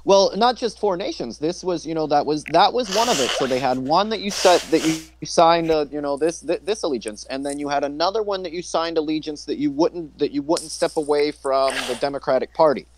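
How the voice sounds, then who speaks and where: A man hosting a casual political podcast, talking in an animated, profane way and laughing often. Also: fairly high pitch, fairly quick, few pauses, a little hiss or hum. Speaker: podcast host.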